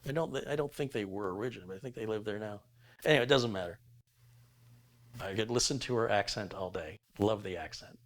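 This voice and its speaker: A middle-aged man with a fairly low voice hosts a casual live stream. He chats loosely and reads viewer messages aloud, laughing easily as he goes. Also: gravelly. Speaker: live stream tech host. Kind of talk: casual live stream chat reading donations.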